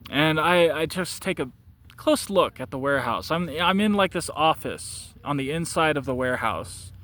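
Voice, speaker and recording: A man recounts a personal story in a loose, casual way, stumbling over and repeating words and chuckling often. His voice sits fairly high and sounds bright and forceful. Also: lively intonation, normal speed.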